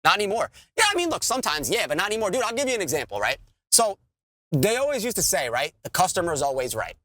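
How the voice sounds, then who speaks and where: A man's voice: high voice, fast talker, no echo. A man, co-hosting a podcast and ranting in casual, profane chat. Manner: animated, swearing ranter. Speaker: podcast co-host.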